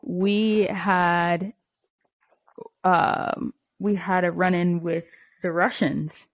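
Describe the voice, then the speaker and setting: A young woman co-hosts a casual podcast, telling candid stories with lots of laughter. Her voice sits a little low for a woman. The sound is close and dry, with no room around it. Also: extremely slow, no echo. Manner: laughs often, candid and animated storyteller. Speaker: podcast co-host. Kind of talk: casual chat.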